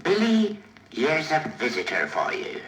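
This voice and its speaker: An actor playing a menacing blind old pirate on a vintage children's story record. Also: male voice, fairly high pitch, wildly swooping pitch, a little slow, a bit bright, a little hiss or hum, exaggerated voice. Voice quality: menacing, wheedling then threatening. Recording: echoey vintage vinyl recording.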